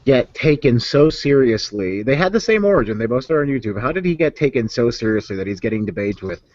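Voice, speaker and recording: A man's voice: medium pitch, animated, fast talker, a little mellow, no echo. A man in a casual group video chat, asking questions earnestly, over dull lo-fi online call audio.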